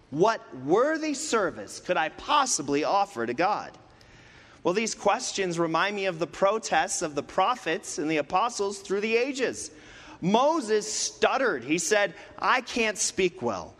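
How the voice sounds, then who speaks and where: A middle-aged male pastor preaching a sermon, dramatic, with rhetorical questions and pauses. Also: sits high, very animated, a bit bright. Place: church sanctuary. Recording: long reverb of a church hall.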